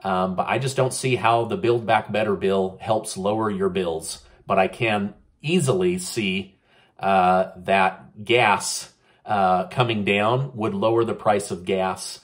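A man runs through the day's headlines in a casual news-commentary style, stopping to give his own opinion. He fills his pauses with "uh" and often turns to his viewers to ask what they think. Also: lowish voice, fairly even intonation. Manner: opinionated, frequent "uh" fillers, asks viewers for comments.

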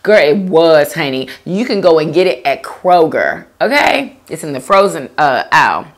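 Animated young woman reading viewer comments. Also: deep voice, moderate pace. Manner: animated, laughs often, drawls slang. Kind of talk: casual chat reading out comments.

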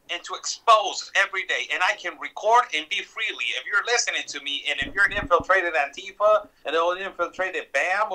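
A man from Mexico, calling in to a talk show, speaking forcefully and defiantly and repeating phrases for emphasis over a phone connection. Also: sits high, rough recording. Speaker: guest border reporter. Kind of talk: call-in interview. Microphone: phone or Skype call.

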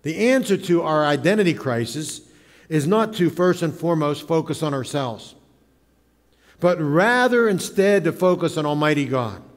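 Male pastor with a slightly high voice, dramatic and animated sermon delivery, recorded in a reverberant church hall. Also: normal speed. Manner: dramatic, acts out quoted voices. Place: church sanctuary.

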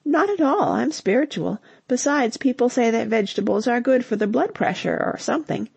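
A woman's voice: a little high, animated, fairly quick, gravelly, darkish tone, husky, dry recording, voice pushed up, full character voice. A woman reading the lines of an affectionate young wife who teases her husband playfully. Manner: playful, teasing.

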